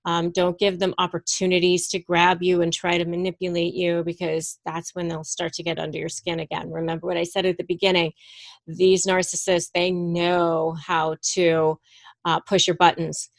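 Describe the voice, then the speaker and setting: A woman gives calm, steady advice in a low voice that barely rises or falls. The sound is dry and close, with no room around it. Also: moderate pace, no echo. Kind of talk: spoken advice.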